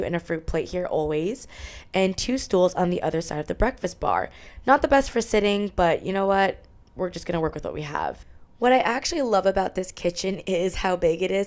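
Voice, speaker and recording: A woman's voice: lowish voice, a little mellow. A young adult woman narrating a tour of her small apartment, chatty and candid as she lists her things. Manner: chatty, candid, listing items. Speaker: vlogger.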